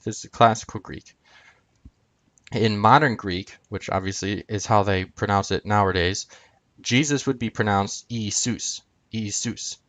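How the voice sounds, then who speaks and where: A man's voice: lowish voice, no echo. A man explaining a chart on screen, talking hesitantly with many filler sounds. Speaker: video presenter.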